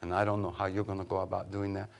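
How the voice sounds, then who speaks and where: A man giving an informal public talk to an audience, an animated storyteller who jokes and urges his listeners with a preacher's insistence. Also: low-pitched, quick pace, gravelly. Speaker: author and teacher giving a talk.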